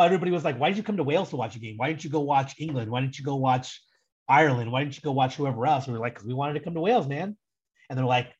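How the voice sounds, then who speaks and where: Young American guy, guest storyteller, casual and rambling, husky tone, muffled call line. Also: fairly high pitch. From United States. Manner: rambling, animated, heavy use of "like". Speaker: guest, soccer super fan.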